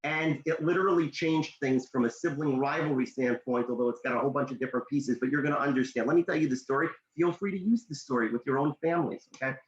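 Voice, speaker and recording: A motivational speaker, a man, telling a story in a discussion, animated, his voice leaping up when excited. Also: mid-range voice, fast talker, hardly any pauses. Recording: echoey room, dull lo-fi sound.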